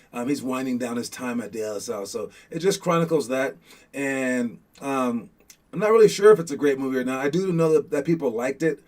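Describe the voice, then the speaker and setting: Young male host, slightly high voice, casual and rambling, talks a team through motivation with lots of restarts. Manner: rambling, many restarts and "all right?" check-ins. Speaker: host of a youth basketball show.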